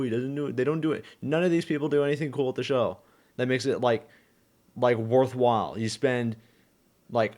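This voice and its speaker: A man's voice: mid-range voice, a little mellow. A young man who just woke up, chatting casually and rambling with lots of fillers and swearing. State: just woken up. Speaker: vlogger. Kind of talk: casual chat.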